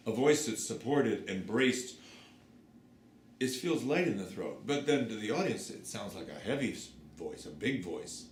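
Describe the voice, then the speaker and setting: A man teaches singing in an animated, swooping voice, his pitch leaping when he demonstrates. The room rings around him, and a faint hiss sits underneath. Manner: lively, explanatory, demonstrates sounds with his voice. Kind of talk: spoken singing lesson with sung examples. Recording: roomy sound with faint background noise.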